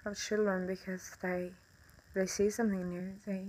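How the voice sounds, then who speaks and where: A woman's voice: medium pitch, flat delivery, moderate pace, darkish tone, poor audio. A young woman with a Swedish accent, speaking English in a casual monologue to camera, passionate and blunt, swearing often and breaking into bitter laughs.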